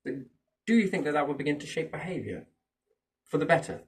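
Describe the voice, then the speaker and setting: A man's voice: on the high side, big pitch swings, quick pace. A man musing in a casual chat, rambling from thought to thought and often asking rhetorical questions. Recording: voice a bit far from the mic.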